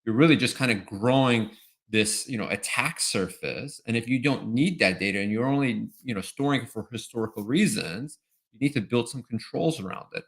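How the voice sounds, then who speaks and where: A man's voice: mid-range voice, normal speed. A man answering as an expert guest in a webinar interview, explaining step by step and often checking in with "right?". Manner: explanatory, tags points with "right?".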